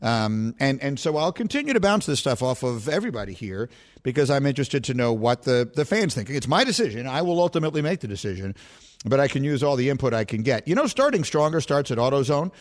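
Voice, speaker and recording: A male sports talk host who debates award votes in a lively, emphatic way. He often breaks off and restarts his sentences, then pushes hard on his point. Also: mid-range voice, fast talker. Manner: animated, emphatic, self-correcting.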